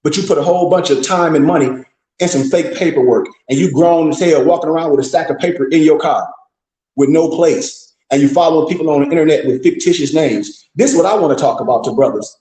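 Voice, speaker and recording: Guy ranting at the crowd, blunt and cussing, bit high and mellow, echoey room. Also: fast talker. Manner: blunt, profane, scolding. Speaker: host of a live discussion. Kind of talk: impassioned lecture-style talk.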